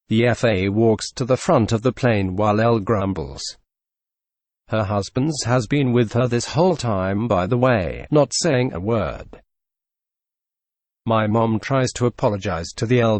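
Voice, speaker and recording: A man narrates an internet story in a lively, animated voice that moves up and down in pitch. The recording is dry and close, with no room sound. He throws in sarcastic little asides. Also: unhurried, no echo. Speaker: narrator reading a reddit story.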